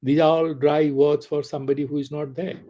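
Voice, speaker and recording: A man's voice: fairly high pitch, level tone, fairly quick, mellow. A man teaching a philosophy class, reciting Sanskrit verses and asking rhetorical questions. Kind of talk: class lecture.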